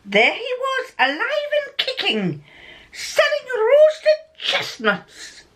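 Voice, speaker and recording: A woman's voice: huge pitch swings, slow, a bit bright, heavily acted. A woman voicing a distraught greying Scottish ex-convict with a put-on Scottish accent that slips into Irish, reading a story aloud. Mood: distraught pleading. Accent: put-on Scottish, mixed with a bit of Irish. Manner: high, pleading, near tears.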